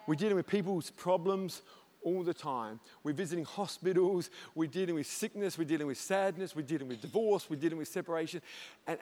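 Lively high-voiced pastor preaching. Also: male voice. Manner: animated storyteller, jokes, loud comic peaks. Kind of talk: sermon.

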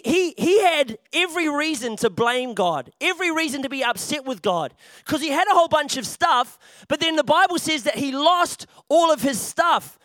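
Casting note: lively, jokey male youth preacher with a high, bright voice. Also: no echo, clean studio sound. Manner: chatty, jokey, often restarts phrases. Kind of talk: playful youth sermon with a volunteer.

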